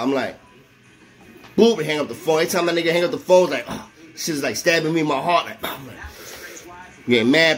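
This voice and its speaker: A man with a New York accent telling a story from his time inside, casual and animated, laughing often, in heavy street slang. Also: on the high side, a little fast, faint music behind. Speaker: storyteller recalling prison life.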